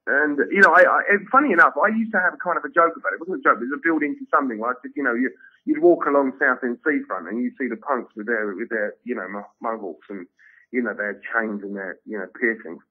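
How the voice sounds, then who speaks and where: A man, a comedian telling stories in a rambling, animated way and acting out the voices of others. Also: mid-range voice, quick pace, husky. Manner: rambling, animated storytelling with acted-out quotes. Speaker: comedian guest. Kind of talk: casual interview chat. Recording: tinny phone-like sound.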